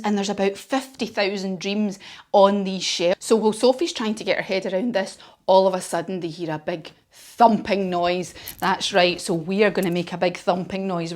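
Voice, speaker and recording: A woman leading a children's yoga class while telling a story, playful and encouraging. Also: medium pitch. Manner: encouraging, playful, sing-song. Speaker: kids yoga teacher.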